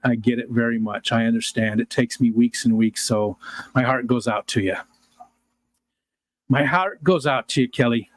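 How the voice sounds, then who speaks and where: A middle-aged man hosting a livestream speaks at medium pitch and normal speed, with no echo. He rambles casually to his viewers, chuckling often while answering comments.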